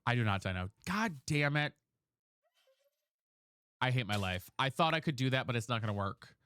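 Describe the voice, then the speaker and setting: Male streamer, casual live chat, dramatic, very lively pitch, dry sound. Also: moderate pace, clean tone, no room sound. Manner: chatty and dramatic, thanks viewers by name.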